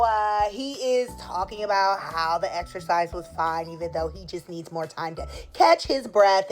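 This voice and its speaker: A woman casually recapping a soap opera episode in a sassy, opinionated way and acting out the characters' lines. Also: medium pitch. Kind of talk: casual chat.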